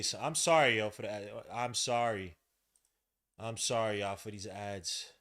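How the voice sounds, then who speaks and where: A man hosting a casual live watch-along of a basketball game, slangy and swearing, shouting at big plays and muttering at bad ones. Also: fairly low pitch, unhurried. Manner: excitable, swings from loud hype to muttered grumbling. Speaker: podcast host. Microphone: headset mic.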